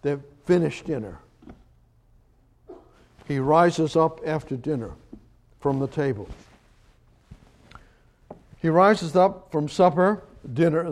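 A man teaching a verse-by-verse Bible sermon, slow and emphatic, repeating words as he explains. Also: a little high. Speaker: preacher.

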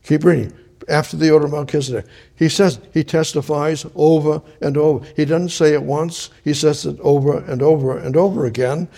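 A man preaching a Bible study sermon, halting and restarting his phrases as he works through a passage. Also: on the high side, steady tone, creaky, warm tone.

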